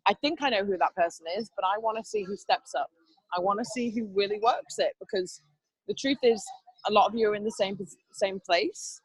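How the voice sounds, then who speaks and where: A woman's voice: mid-range voice, fairly quick, breathy edge, dry recording, rough recording. Upbeat lady running a team training call, laughs a lot, dry sound. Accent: not Canadian. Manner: upbeat, chatty, laughs often. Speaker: team leader.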